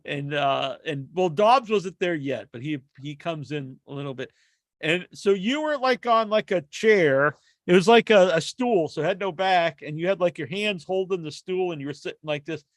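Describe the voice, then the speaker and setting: A man co-hosting a podcast in casual chat, an animated storyteller who laughs often and acts out sounds. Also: on the high side, moderate pace, no echo, clean studio sound. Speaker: podcast co-host.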